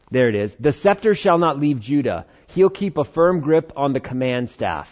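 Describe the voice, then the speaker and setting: A man's voice: medium pitch, a little mellow. Man preaching casually, slightly muffled. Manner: conversational preaching, acts out Bible dialogue in voices. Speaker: pastor. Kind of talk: sermon.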